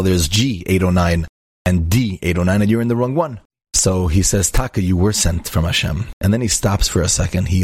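A man's voice: low voice, a little mellow, breathy edge, dry recording, clean studio sound. A man, a rabbi, telling a story in a conversational way, acting out the characters' lines and peppering his speech with Hebrew and Yiddish words. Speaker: rabbi and inspirational speaker. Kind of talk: storytelling talk.

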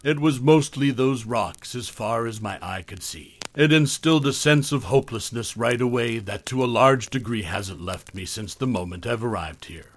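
In a scripted, measured delivery, a man with a medium-pitched voice tells a horror story in the first person. His phrases frequently trail away softly.

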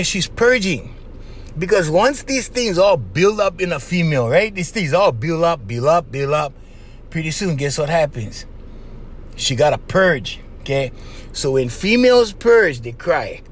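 Animated man with a lively voice. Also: on the high side, slightly rough. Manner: animated, laughs often, acts out little voices. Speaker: podcast host. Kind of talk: casual monologue giving dating advice.

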